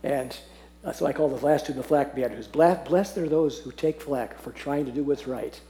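A man teaching a Bible passage to a group, earnest and often laughing, slowing down to read verses aloud. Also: medium pitch, dark tone. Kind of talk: teaching talk on scripture. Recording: echoey room.

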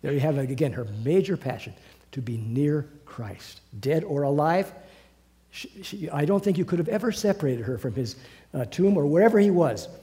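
A man preaching a sermon in an earnest, halting way, often restarting and dropping to soft asides. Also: fairly high pitch, lively intonation. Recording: long hall reverb.

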